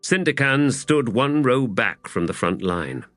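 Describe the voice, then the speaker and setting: A male audiobook narrator reading at an unhurried pace with lively, varied intonation. His voice is bright and clear, recorded dry and close, with faint music under it. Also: medium pitch, no room sound. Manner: measured, expressive storytelling. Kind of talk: scripted narration.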